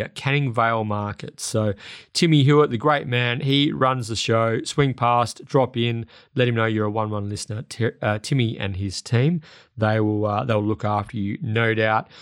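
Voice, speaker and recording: Australian male podcast co-host, mid pitch, slight slur from braces, filler-heavy casual delivery, dry close recording. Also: fairly bright tone, dry recording. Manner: slightly slurred from new braces, lots of fillers. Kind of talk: casual chat.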